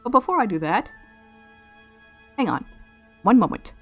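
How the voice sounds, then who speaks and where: A woman's voice: mid-range voice, big pitch swings, unhurried, a bit bright, faint music behind. A woman hosting a let's play, musing aloud and speculating in casual gameplay commentary, often restarting her phrases.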